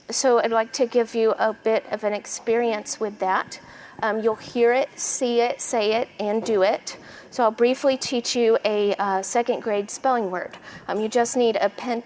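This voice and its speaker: A woman's voice: fairly high pitch, slight background noise, poor audio. Teacherly American woman lecturing. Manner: teacherly, clear, checks in with "right?"; slows and stretches words when modeling sounds. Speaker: lecturer, school literacy coordinator. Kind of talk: seminar lecture with a spelling demonstration. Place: lecture room at a teacher seminar.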